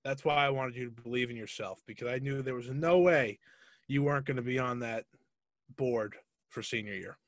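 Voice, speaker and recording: A man's voice: mid-range voice, moderate pace, no echo. A teenage boy interviewing a friend in casual talk, earnest and encouraging.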